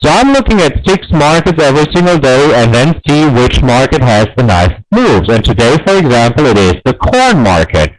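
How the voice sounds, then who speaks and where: A man teaching a trading webinar, persuasive and animated, often asking rhetorical questions. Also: medium pitch, normal speed, hardly any pauses, no room sound, poor audio. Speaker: trading instructor. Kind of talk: webinar lesson.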